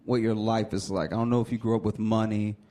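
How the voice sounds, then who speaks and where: A man in his thirties from Louisiana doing a stand-up set, telling stories with acted-out voices and shouted punchlines. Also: fairly low pitch, quick pace. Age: 30s. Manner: animated storytelling, acting out voices, building to shouted punchlines. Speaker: stand-up comedian. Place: theater stage. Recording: live stage with audience noise.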